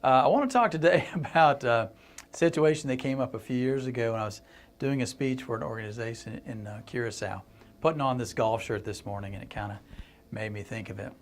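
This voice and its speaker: A man's voice: mid-range voice, fairly quick, slight background noise. A middle-aged man speaking to camera in a casual blog video, telling a story as a consultant and speaker, laughing and restarting often.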